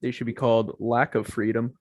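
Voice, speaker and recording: A man's voice: medium pitch, flat delivery, fairly quick, no echo. A young man, a podcast co-host, reacting in casual chat with jokes and disbelief. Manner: joking reactions, laughing along.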